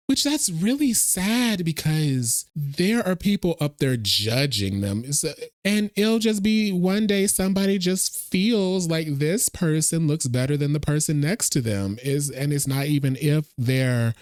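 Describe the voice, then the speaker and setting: A man's voice: fairly high pitch, sing-song, a little slow, no room sound, clean studio sound. A man casually reacting to a movie trailer, thinking aloud and talking to his viewers. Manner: chatty, thinks aloud, addresses viewers as y'all.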